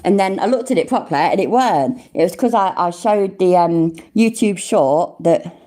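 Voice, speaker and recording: A tipsy woman in her forties hosts a casual livestream, swearing freely and laughing as she talks. Her voice sits low and mellow, yet it swings widely up and down. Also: normal speed. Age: 40s. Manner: sweary, animated, laughing often. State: tipsy from drinking. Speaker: livestream host.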